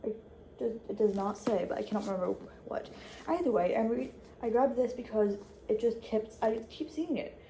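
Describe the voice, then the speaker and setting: A woman's voice: a little high, dark tone, slight background noise. Chatty young woman vlogging from her dorm. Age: young adult. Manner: chatty, with restarts and quick asides. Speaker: college student vlogger. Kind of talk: casual vlog chat. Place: dorm room.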